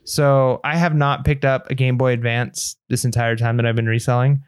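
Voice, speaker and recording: Spinning an animated anecdote on a podcast, this co-host slips into character voices to act out what people said. He speaks at a moderate pace with a clean tone and a middle pitch. The audio is close and dry, free of echo.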